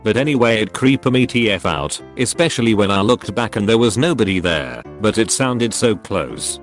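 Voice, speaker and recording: A man with a fairly low voice reads online stories aloud in a steady, even narration. Faint music plays softly behind him. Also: moderate pace. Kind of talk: scripted narration.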